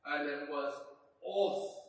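A man preaching a sermon in a church, dramatic and swinging between loud appeals and hushed lines. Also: fairly high pitch, a little slow. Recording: very echoey church heard from a distance.

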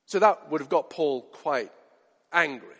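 A man preaching a sermon in a church hall, animated and acting out the voices he quotes. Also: a little high, a little slow. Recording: reverberant hall.

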